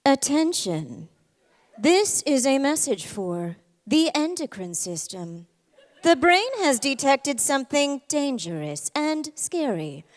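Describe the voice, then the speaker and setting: A woman's voice: sits high, exaggerated voice. A woman voicing the brain's command center as a formal intercom announcer, in a comic stage monologue. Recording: long theater reverb.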